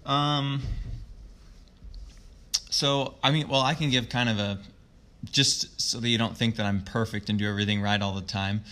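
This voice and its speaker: A man talking as a youth sports coach in an interview, earnest and reflective, telling a story in a soft, thoughtful way. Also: lowish voice, steady tone, normal speed. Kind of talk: conversational interview.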